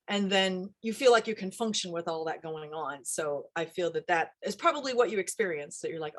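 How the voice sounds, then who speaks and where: A woman's voice: fairly low pitch, expressive, brisk, few pauses. A middle-aged woman, an accent coach, chatting in an interview and explaining with acted-out quotes, recorded over a video call. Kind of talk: casual interview chat.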